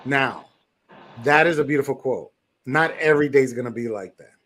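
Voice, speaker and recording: A relaxed man, co-hosting a casual podcast. He talks in an easygoing, joking way and drifts between topics at a loose, unhurried pace. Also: mid-range voice, a little hiss or hum. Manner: laid-back, joking, reads a closing quote. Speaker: podcast co-host. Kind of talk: casual chat.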